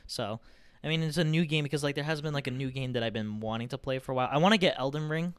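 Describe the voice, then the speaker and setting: Young male co-host, relaxed and halting, smooth clear voice, dry close sound. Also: mid-range voice, dry recording. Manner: relaxed, halting, filler-heavy. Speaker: podcast co-host. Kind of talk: casual chat.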